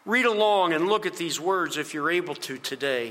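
A man preaches a sermon in an earnest, gently encouraging way, leaning on slow, emphatic phrases. His voice sits a little high and rings bright and forceful. The sound carries a long reverb, like a church hall. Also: expressive. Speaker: pastor.

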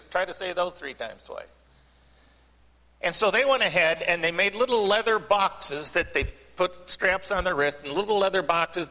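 Folksy pastor preaching in a church; bright, raised voice with a lingering hall reverb. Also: male voice, on the high side. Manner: folksy, joking, with long pauses. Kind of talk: sermon. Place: church sanctuary.

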